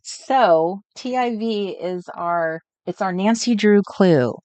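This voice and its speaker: This is a woman at an everyday pitch, chatting on a crafting livestream. She thinks out loud as she works and greets viewers by name. The sound is dry and close. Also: slow, no room sound. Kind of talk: casual live chat while crafting. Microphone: desk setup with overhead camera.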